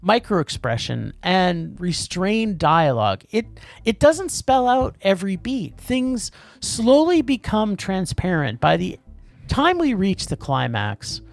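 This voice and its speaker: A man co-hosting a podcast, chatting casually about films, animated and tripping over his words. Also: high voice, creaky, dry recording. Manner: animated, quick, trips over words, restarts. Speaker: podcast co-host. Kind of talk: casual movie review chat.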